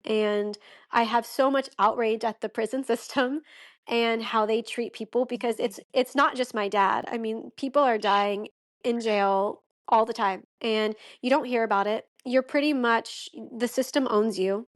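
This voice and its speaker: A woman's voice: on the high side, steady tone, measured pace. A young woman, a podcast guest, telling a heartfelt personal story with many "like"s and "um"s. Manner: emotional, heartfelt, frequent "like" and "um".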